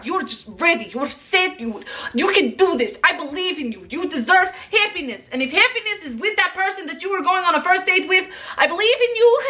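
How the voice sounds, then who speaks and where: A woman's voice: extremely high pitch, pushed and bright. A woman chatting through a casual makeup tutorial in a playful, rambling, theatrical way, full of fillers as she hypes up the viewer. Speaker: makeup vlogger.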